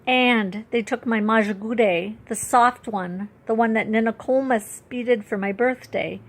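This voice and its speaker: A young Ojibwe girl, upset and defiant, pleads in a high, tearful voice, as a woman reads her aloud from a storybook. The delivery is raised and urgent. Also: unhurried. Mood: upset pleading.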